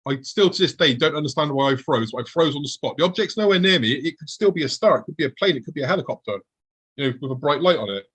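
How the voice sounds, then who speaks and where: A man's voice: fairly high pitch, lively intonation, fast, a bit bright, breathy edge, low-quality recording. A man, a guest on the show, vividly recounting a personal encounter and acting out his own past thoughts as he goes.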